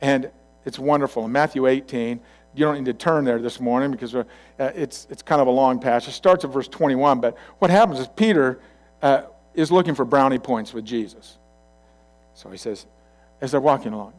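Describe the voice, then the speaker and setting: A male pastor giving a sermon in a conversational storytelling way, swinging from loud to quiet asides. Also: mid-range voice, moderate pace.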